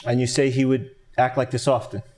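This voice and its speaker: A patient defense lawyer coaxes the details out of his client, as an actor plays him. His mid-range voice stays calm and steady as he presses for specifics. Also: medium pitch, a little fast, close to an everyday voice. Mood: probing. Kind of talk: stage play acting.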